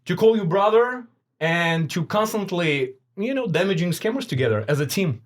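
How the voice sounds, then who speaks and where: A man co-hosting a podcast in casual chat, teasing and excitable. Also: high-pitched, normal speed. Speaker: podcast co-host.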